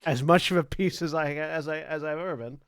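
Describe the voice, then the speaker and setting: A man voicing a grizzled older male mercenary chief in a tabletop game, in a gruff, wobbly put-on foreign accent. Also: on the high side, a little fast, fairly bright tone, dry recording, clean studio sound.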